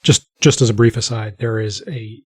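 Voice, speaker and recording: A man's voice: fairly low pitch, steady tone, normal speed, darkish tone, husky, no echo. A man co-hosting a podcast in casual chat, making dry, wry asides. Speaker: podcast co-host.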